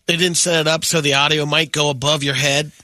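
A male co-host who throws in short remarks. His voice is a touch high and bright, and it is recorded dry and close. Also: level tone, fairly quick, no echo. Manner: interjects short quips. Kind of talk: casual chat.

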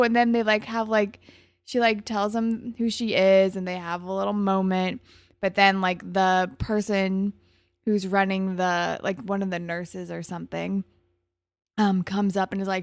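A woman with a mid-range voice, retelling an episode scene by scene in a rambling, casual way. She acts out the characters' lines in high, animated voices. The recording is dry and close-miked. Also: normal speed, dry recording.

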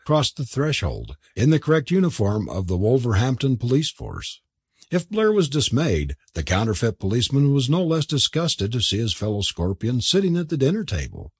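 A man narrating an audiobook in a measured storytelling manner. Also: medium pitch, huge pitch swings, slightly rough, no room sound, studio quality.

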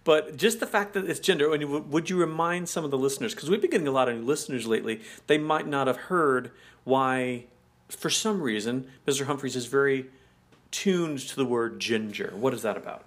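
A man's voice: mid-range voice, brisk. An American man co-hosting a podcast in casual chat, explaining at length and laughing often. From United States. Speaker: podcast co-host.

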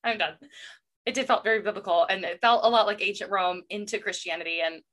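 A young woman with a bright, clear tone chats casually as a book podcast co-host. She retells the story loosely, sprinkling in "like" and "you know" as she goes. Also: mid-range voice, quick pace. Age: young adult. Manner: chatty, retells plot with many "like"s and "you know"s.

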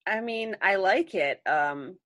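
A woman in her thirties, a trading contestant, is chatting as an interview guest. Her mid-range voice is expressive, slow and fairly bright, captured in a dry, clean studio recording. She rambles with plenty of "like" and "um" and a wry sense of humor.

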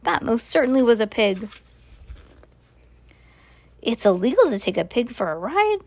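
A woman's voice: a little high, big pitch swings, measured pace, darkish tone, no room sound, heavily acted. A woman doing a fussy, formal police officer. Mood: puzzled. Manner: formal, talks to himself.

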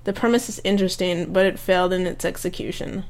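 A woman's voice: fairly low pitch, fairly even intonation, fast talker. A woman co-hosting a casual podcast, reading audience reviews with wry comments. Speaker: podcast co-host.

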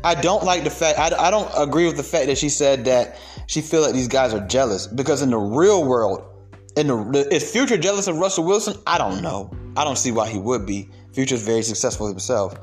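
A man's voice: medium pitch, a little fast, faint music behind. A young man delivering a heated, profane rant of social commentary, emphatic and blunt.

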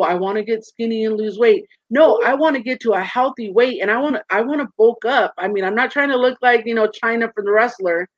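A woman in her thirties speaks as a guest in a candid interview, earnest and animated, slipping into other people's voices as she tells stories. Her voice sits fairly high. The sound is dry and muffled, like a lo-fi video call. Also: dry recording.

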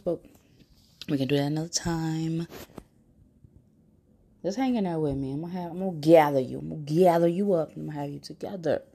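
A woman hosting a self-help podcast, talking bluntly with slang and reading affirmations slowly and deliberately. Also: deep voice, creaky, dark tone. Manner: blunt, preachy, slangy, calls listener honey and baby. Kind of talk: motivational talk with affirmations.

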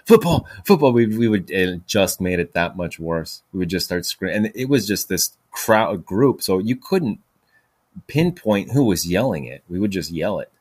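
A man's voice: low voice, lively intonation, normal speed, husky, no room sound, clean studio sound. A man hosting a podcast, telling stories in a rambling way with many fillers and restarts. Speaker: podcast host. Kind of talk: casual storytelling monologue.

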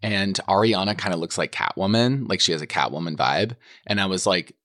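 Young male podcast co-host, very low voice, dry studio sound, playful and gossipy. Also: a little fast, hardly any pauses, a bit bright, no room sound. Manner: playful, gossipy, lots of "like" and voice jumps into high quoted asides. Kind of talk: casual comedic chat.

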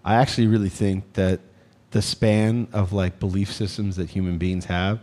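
A deep-voiced American man co-hosting a podcast speaks at normal speed with flat delivery. Even so, his casual joking includes loud outbursts of feigned outrage.

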